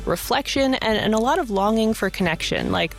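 A woman's voice: on the high side, expressive, a little fast, gravelly. A woman radio guest giving thoughtful music commentary in an interview.

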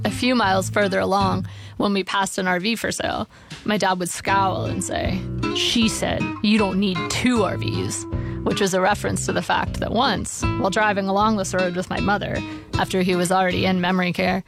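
A woman's voice: medium pitch, creaky. A woman narrating a personal essay in a wry, dry storytelling manner. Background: soft guitar music.

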